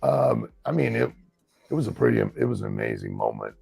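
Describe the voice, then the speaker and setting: Gravelly low-voiced man in casual chat. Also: huge pitch swings, fairly quick, a little mellow, no echo, faint music behind. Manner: short agreeing replies, reminiscing. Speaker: podcast guest.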